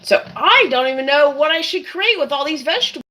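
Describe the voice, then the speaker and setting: A woman's voice: high-pitched, animated, a little fast, few pauses, sharp tone, rough recording. Chatty woman demonstrating in a kitchen. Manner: chatty, keeps addressing viewers as "you guys". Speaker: cooking channel host. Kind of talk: casual cooking demonstration.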